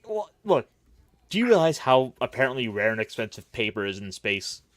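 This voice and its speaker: A man's voice: medium pitch, big pitch swings, fairly quick, no echo. A man hosting a casual roundtable chat, recapping with wry, mocking asides. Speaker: podcast host.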